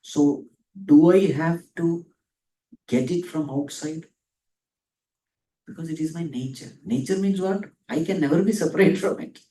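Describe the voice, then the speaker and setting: A man's voice: fairly high pitch, warm tone. A man giving a spiritual discourse, asking questions and answering them himself, lingering on Sanskrit words. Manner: asks and answers his own questions; dwells on Sanskrit terms, drawn out slowly. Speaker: spiritual teacher. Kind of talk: Vedanta discourse. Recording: echoey room, from a distance.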